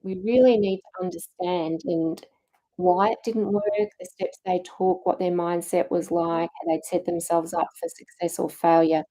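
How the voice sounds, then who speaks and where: A woman's voice: lowish voice, fairly even intonation, a little slow, dark tone, rough recording. A middle-aged woman coaching a challenge group on mindset, earnest and encouraging, acting out inner self-talk.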